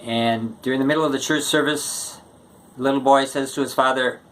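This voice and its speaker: A man tells one short joke after another in a relaxed, casual way. His voice sits at an ordinary middle pitch, and he takes his time, leaning on pauses before each punchline. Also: slight background noise. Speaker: joke teller.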